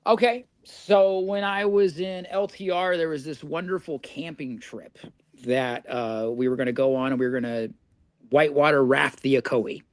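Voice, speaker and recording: A man's voice: a little high, steady tone, normal speed, no room sound. A man in his forties from Indiana, a podcast guest telling stories casually and chuckling at his own tales. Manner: chatty, laughs through his own stories. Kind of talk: casual storytelling.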